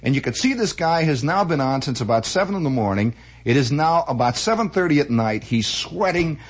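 A man spins comic anecdotes in a rambling monologue, stopping to restart and jumping into voices. His pitch sits a little high and swings widely. The tone is husky. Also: brisk. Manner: animated, rambling, with many restarts and acted-out voices.

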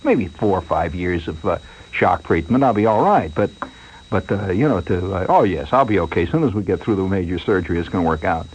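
A man's voice: sits low, expressive, fairly quick, a little mellow, slightly rough, low-quality recording. A man hosting a late-night radio show, telling a rambling story in a mock-anxious way and asking listeners to call in.

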